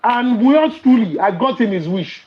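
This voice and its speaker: A man's voice: very high voice, animated, normal speed, lo-fi sound. A man with a Nigerian accent in casual podcast talk, preaching and telling stories with rhetorical questions.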